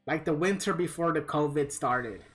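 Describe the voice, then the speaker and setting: A man's voice: a little high, normal speed, a bit bright, soft background music. A man live-streaming a fighting game, chatting casually with viewers in a rambling, profane storytelling manner.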